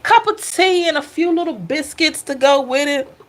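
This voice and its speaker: A woman's voice: high voice, lively intonation, normal speed. A woman giving a casual tarot reading, chatty, blunt and playful, speaking straight to her viewers. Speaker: tarot reader.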